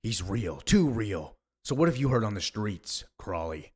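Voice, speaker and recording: A man's voice: fairly low pitch, very animated, unhurried, darkish tone, slightly rough, full character voice. A man voicing a troubled masked vigilante, talking in an intense, haunted inner monologue. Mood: tormented.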